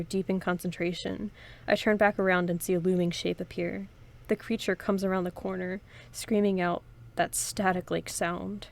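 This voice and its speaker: A woman's voice: medium pitch, vocal fry, a little mellow. A woman hosting a playthrough, reading an interactive horror story aloud in first person and breaking off for casual, joking asides. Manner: reads dramatically, breaks off for chatty, joking comments.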